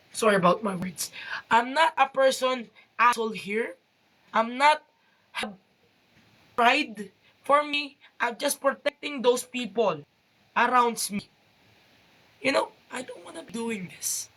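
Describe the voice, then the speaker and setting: Heated Filipina woman, husky voice. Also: a little high, sharp tone. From Philippines. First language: Tagalog. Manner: heated, halting, broken English. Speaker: vlogger. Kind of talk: angry direct-to-camera appeal.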